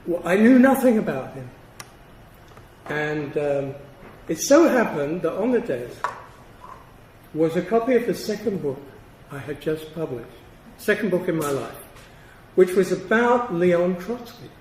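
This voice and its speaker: An older male professor lectures in a fairly high voice, stressing his points with measured, deliberate pauses. He sounds set back from the microphone in a roomy hall, with a faint hiss underneath. The delivery is that of an academic lecture. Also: big pitch swings, darkish tone, far from the mic.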